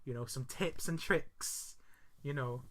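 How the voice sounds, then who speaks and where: A woman's voice: very deep voice, slow, exaggerated voice. A man voicing a chatty female primary school teacher with a breezy, playful manner. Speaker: teacher in a story.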